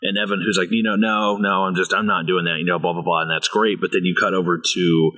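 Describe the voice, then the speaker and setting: A man's voice: low voice, flat delivery, quick pace, pushed and bright. A man co-hosting a casual movie podcast, rambling, swearing freely and laughing as he talks. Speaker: podcast co-host.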